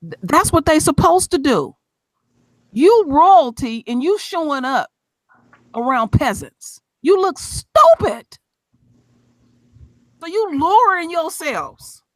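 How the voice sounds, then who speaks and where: A woman's voice: high voice, bright, forceful tone, no room sound. A woman hosting a casual chat, talking bluntly and emphatically with plenty of swearing.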